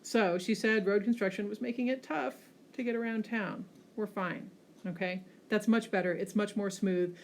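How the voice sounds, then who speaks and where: A woman teacher giving a classroom lecture over slides, often checking in with a quick "okay?" and pushing hard on key words. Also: medium pitch. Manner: frequent checking "okay?" tags, lively emphasis.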